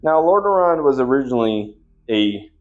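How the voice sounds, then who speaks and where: A man's voice: medium pitch, big pitch swings, normal speed, highs cut off. A man hosting a gaming channel and doing comedic in-character role-play, chatty and coaxing, often stammering and repeating his words.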